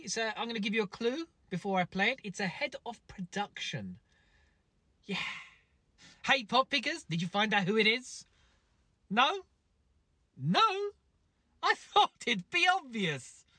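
A podcast host, giving wry, deadpan quiz links between clips. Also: medium pitch, measured pace, pauses often, dry recording.

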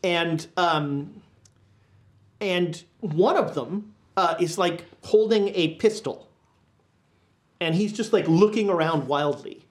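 A woman as game master, narrating a tabletop horror game in a relaxed, rambling way with many fillers. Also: lowish voice, slow pace, long pauses. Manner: relaxed, filler-heavy storytelling.

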